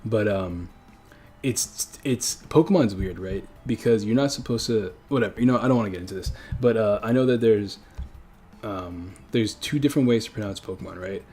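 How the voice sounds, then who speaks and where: A man's voice: fairly low pitch, normal speed, darkish tone, breathy edge. A young man hosting a casual livestream, rambling and correcting himself as he chats with viewers. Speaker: livestream host. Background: faint background music.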